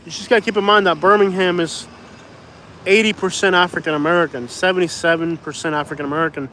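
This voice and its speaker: A man's voice: sits high, fairly even intonation, fast talker, bright, forceful tone, slight background noise. A man chatting casually on a livestream, rambling and laughing as he talks. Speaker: vlogger, livestream host.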